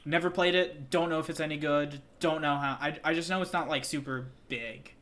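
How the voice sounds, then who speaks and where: Slightly high guy on a podcast, chill, cusses a lot, lots of ums. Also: fairly even intonation, brisk, fairly bright tone. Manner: laid-back, swears freely, trails off with ums. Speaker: podcast co-host. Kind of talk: casual chat.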